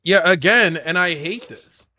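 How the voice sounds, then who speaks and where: A man's voice: high voice, measured pace, bright, forceful tone, dry recording. A man co-hosting a podcast who talks casually, ranting in an exasperated way and swearing. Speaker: podcast co-host.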